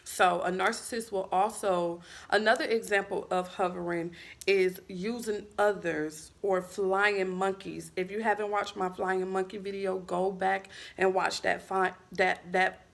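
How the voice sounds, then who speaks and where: A woman's voice: medium pitch, level tone, unhurried, gravelly. A woman vlogger talking casually and bluntly to camera, full of fillers and frank swearing. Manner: candid, filler-heavy, blunt with profanity. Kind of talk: casual vlog talk to camera.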